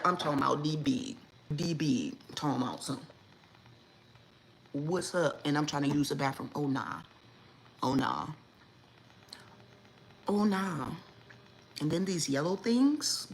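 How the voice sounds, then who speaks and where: A woman, hosting a casual livestream chat and telling stories in a lively, indignant way, acting out what people said. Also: deep voice, a little hiss or hum, poor audio. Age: 40s. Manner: animated storytelling, acts out quotes, lively and indignant. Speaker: livestream host.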